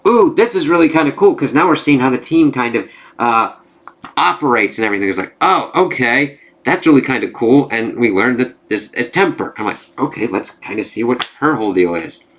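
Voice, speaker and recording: A man's voice: medium pitch, lively intonation, a little fast, a bit bright, slight background noise. A man reviewing a comic book in a casual, rambling way, swearing often and reading panels aloud.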